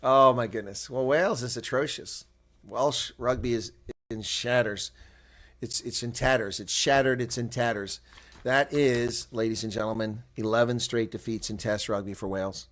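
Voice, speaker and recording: A man giving live rugby play-by-play, shouting on big plays and chatting casually with viewers in between. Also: medium pitch, moderate pace. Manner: reads viewer chat aloud. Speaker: play-by-play commentator. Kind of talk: live sports commentary.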